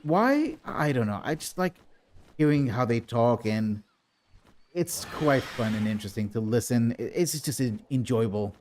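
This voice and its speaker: A man with a medium-pitched, slightly mellow voice casually comments on a video game playthrough at a normal speed. He rambles as a gaming video host, often restarting sentences and repeating words, with slight background noise behind him.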